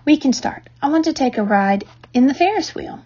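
A woman's voice: high voice, animated, moderate pace, a little mellow, pitched above the performer's own voice. A woman doing an eager young farm girl. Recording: dull lo-fi recording.

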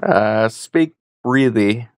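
A woman's voice: a bass voice, extremely slow, no echo, clean studio sound. A woman testing a voice assistant, giving short, hesitant commands with frequent "uh". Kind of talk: casual spoken requests.

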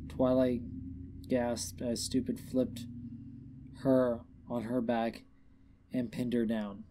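A man's voice: medium pitch, little pitch movement, slow pace, noisy background. A man casually reading a story aloud, tripping over words and adding offhand asides. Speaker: reader.

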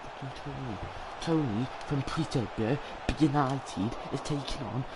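A man's voice: medium pitch, measured pace, heavy background noise. A young man giving gameplay commentary, ranting and swearing at the match in front of him. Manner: ranting, swearing, exasperated muttering. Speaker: gaming channel host.

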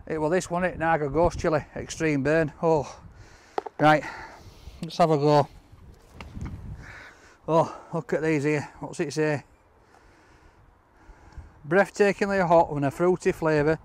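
A man with a Hull accent chatting excitedly to camera as a vlog host, exclaiming a lot. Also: on the high side. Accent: Hull, East Yorkshire. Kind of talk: casual vlog chat.

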